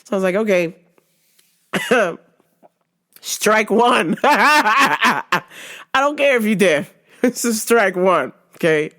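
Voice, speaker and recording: Woman host, slow unhurried delivery, lively swooping pitch, profane comic storytelling, frequent laughter. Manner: animated, profane, laughing often while telling a story. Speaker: show host. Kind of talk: comedic storytelling chat.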